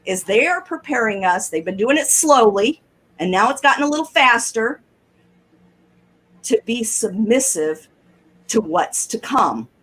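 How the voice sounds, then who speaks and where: A middle-aged woman talks on a casual talk show. She tells chatty, animated stories with a laugh in her voice. Her pitch sits a little high and moves up and down a lot. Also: a little slow, breathy edge, poor audio. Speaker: co-host.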